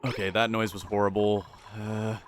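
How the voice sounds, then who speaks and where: A man with a lowish voice speaks at normal speed in a flat delivery, a faint hiss in the background. He's a gaming YouTuber commenting on gameplay, anxious, talking to his characters and repeating lines.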